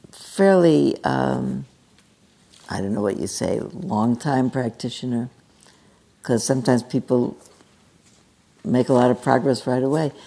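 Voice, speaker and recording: Woman, dark mellow low voice, gentle halting storytelling, dharma talk in a meditation hall. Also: gravelly. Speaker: meditation teacher.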